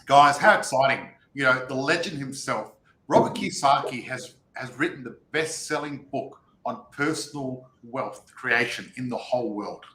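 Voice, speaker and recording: A man's voice: mid-range voice, moderate pace, pushed and bright. A man hosting a live stream, talking upbeat and directly to his viewers. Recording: echoey live stream audio.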